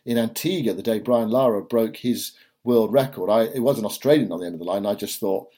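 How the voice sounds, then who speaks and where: A man with a lowish, warm and mellow voice, co-hosting a cricket podcast. He chats easily, nudges the conversation along and wanders into side stories. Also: a little fast. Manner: chatty, prompting, with digressions. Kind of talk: casual conversational chat.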